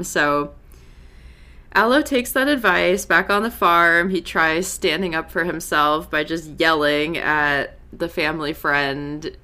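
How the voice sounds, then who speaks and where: Woman, young adult, casual episode recap, chatty and expressive, low voice, bright tone. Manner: chatty, expressive, quick asides. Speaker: show recap host.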